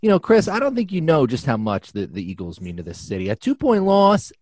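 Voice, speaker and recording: A man's voice: fairly high pitch, huge pitch swings, fairly quick, a little mellow, dry recording, studio quality. A man hosting a comedy podcast that spoofs sports talk radio, with a hammy, theatrical delivery.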